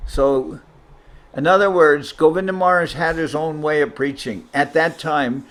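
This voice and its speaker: A man's voice: fairly high pitch, normal speed. A man, a spiritual teacher, telling a self-deprecating story in an informal talk over a video call. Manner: anecdotal, self-deprecating, animated when quoting.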